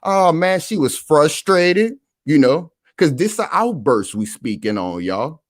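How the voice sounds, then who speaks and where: Animated man hosting reaction commentary. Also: medium pitch, measured pace, dry recording, studio quality. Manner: animated, repetitive, addresses the audience directly. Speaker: online commentary host.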